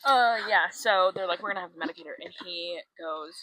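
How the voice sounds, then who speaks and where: Woman co-host, casual storyteller, crisp bright voice, dry close recording. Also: on the low side, fairly quick, no echo. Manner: breathless retelling full of "like", swears freely. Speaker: podcast co-host. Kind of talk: casual chat.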